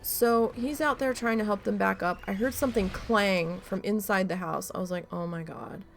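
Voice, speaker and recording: A woman's voice: mid-range voice, normal speed, vocal fry, slight background noise. A woman streamer chatting casually while she plays, telling an exasperated story with a lot of swearing. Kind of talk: casual chat during a live gameplay stream.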